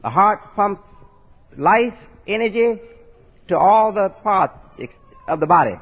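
A man's voice: high-pitched, lively intonation, measured pace, breathy edge. A man teaching in a folksy sermon style, spelling out words and often checking in with his listeners. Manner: folksy, rhetorical asides ending with "right?". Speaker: preacher. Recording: dull lo-fi audio with long hall reverb.

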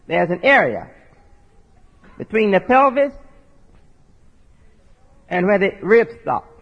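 A man's voice: high voice, big pitch swings, slow, creaky. A man teaching in a folksy sermon style, spelling out words and often checking in with his listeners. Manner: folksy, rhetorical asides ending with "right?". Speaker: preacher. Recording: dull lo-fi audio with long hall reverb.

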